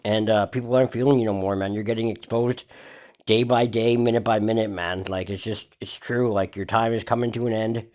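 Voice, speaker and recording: A man's voice: on the low side, fairly even intonation, brisk, a little mellow, slight background noise. A man hosting a hip-hop gossip vlog, ranting in a mocking tone full of slang, swearing and fillers. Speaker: vlog host. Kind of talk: profane hip-hop gossip commentary rant.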